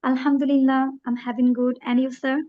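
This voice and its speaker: Polite high-voiced woman student. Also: flat delivery, brisk. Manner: polite, formal greetings. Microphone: video call. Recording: dull lo-fi call audio.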